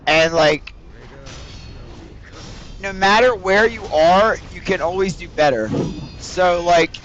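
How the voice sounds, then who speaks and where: A man's voice: high-pitched, takes it slowly, fairly bright tone, lo-fi sound. A man streaming a video game, chatting casually with his viewers in a rambling, profane way. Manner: rambling, profane, talks straight to chat. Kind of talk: casual livestream chat with viewers.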